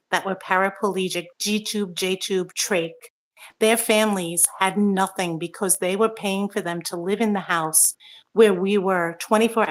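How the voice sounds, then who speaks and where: Woman ranting angrily on a talk channel. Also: fairly low pitch. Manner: angry ranting with swearing. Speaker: host. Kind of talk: casual chat.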